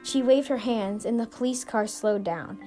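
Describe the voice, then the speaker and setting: A woman's voice: a little high, normal speed, dark tone. A woman hosting a show, narrating a scripted suspense story in an earnest, suspenseful way. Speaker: storyteller and podcast host. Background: music.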